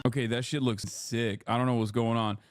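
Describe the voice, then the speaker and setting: A man's voice: mid-range voice, little pitch movement, brisk, over music. A man in his thirties streaming, giving blunt, sarcastic, profane reaction commentary to a video.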